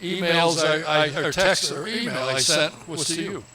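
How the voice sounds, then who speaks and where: A man's voice: a little high, normal speed. A middle-aged man, hosting a live talk show with teasing banter. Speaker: radio show host. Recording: live venue with loud crowd.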